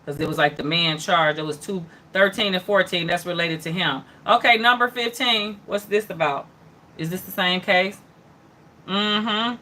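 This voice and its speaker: A woman's voice: lowish voice, normal speed, bright, forceful tone, slight background noise. A woman hosting an online news hour, reading headlines aloud and reacting in a loose, chatty way, with lots of mm-hmms and asides to viewers. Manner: greets and answers viewers by name. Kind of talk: casual livestream headline commentary.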